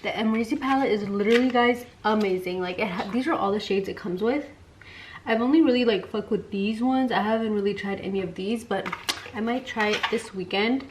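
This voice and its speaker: A woman's voice: mid-range voice, brisk, noisy background. A woman in her twenties chatting casually in a storytime and makeup vlog, slangy and full of "like" and "um", slipping into Spanish phrases. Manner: chatty, slangy, many fillers like "like" and "um"; mixes Spanish phrases into English. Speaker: beauty vlogger. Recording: echoey room, loud household clatter.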